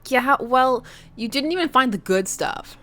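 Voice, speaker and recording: A woman's voice: high-pitched, animated, measured pace, sharp tone, pitched above the performer's own voice, exaggerated voice. A woman voicing a sarcastic teenage daughter who teases her father, in a dry mocking tone, while reading a dating game aloud. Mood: teasing.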